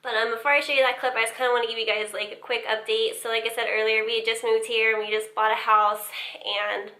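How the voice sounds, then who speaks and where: A woman's voice: on the high side, level tone, fast, sharp tone. A young woman vlogging casually about her sewing space, chatty and full of fillers like um and like. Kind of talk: casual vlog chat. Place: home and empty basement, indoors. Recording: echoey room.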